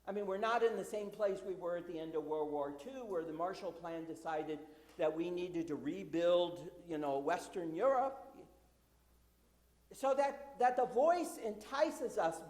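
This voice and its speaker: A woman preaching a conversational sermon in a church, asking the congregation rhetorical questions and adding sarcastic asides. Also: mid-range voice. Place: church sanctuary. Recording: echoey church with long reverb.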